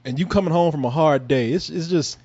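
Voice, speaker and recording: A man's voice: on the high side, brisk, a little mellow, slightly rough. A man rambling through profane jokes in casual banter, with restarts and mock quotes. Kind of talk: crude comedic banter. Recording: dull lo-fi recording.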